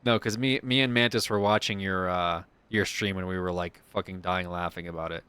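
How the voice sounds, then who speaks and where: A man's voice: low voice, fairly even intonation, brisk, pushed and bright, clear, resonant tone. A young man, a streamer, chatting casually in a rambling way, swearing freely. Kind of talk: casual chat.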